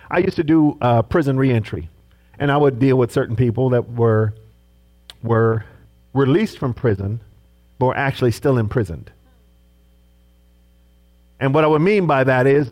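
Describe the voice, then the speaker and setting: A man preaching a sermon as pastor, animated and acting out the voices he quotes. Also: on the high side.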